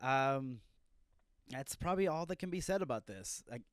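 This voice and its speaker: A man's voice: mid-range voice, expressive, moderate pace, dry recording, clean studio sound. A man hosting a solo wrestling review podcast, ranting and swearing as he reacts to a show. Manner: profane, ranting, irritated outbursts. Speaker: podcast host.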